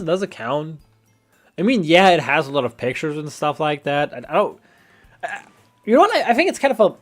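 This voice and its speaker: A man's voice: on the high side, a bit bright. A man giving casual, rambling commentary while he plays a visual novel, often stumbling and restarting his sentences. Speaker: gamer. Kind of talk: gameplay commentary.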